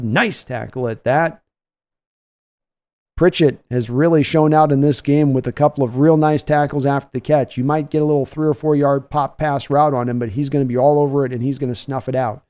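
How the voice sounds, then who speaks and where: A man's voice: mid-range voice, a little fast, warm tone. A man hosting a live stream, giving casual play-by-play commentary and chatting with viewers between plays. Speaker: livestream host giving play-by-play reaction.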